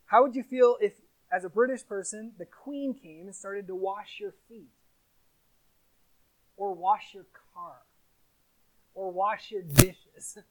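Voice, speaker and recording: A man preaching a sermon, putting stress on his words, slowing on key phrases and putting questions to his listeners. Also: high-pitched. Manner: emphatic, asks the listeners rhetorical questions.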